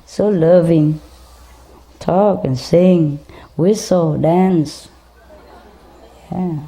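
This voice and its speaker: Soft-spoken low-voiced woman, gently coaxing. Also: extremely slow. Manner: gentle coaxing, chuckling often. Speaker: spiritual teacher speaking to a group. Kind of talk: casual talk to an audience and a pet bird.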